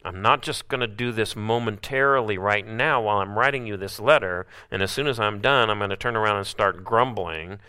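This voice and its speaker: A man's voice: lowish voice, a little fast, hardly any pauses, pushed and bright, clear, resonant tone. A man preaching a sermon, often putting rhetorical questions to his listeners.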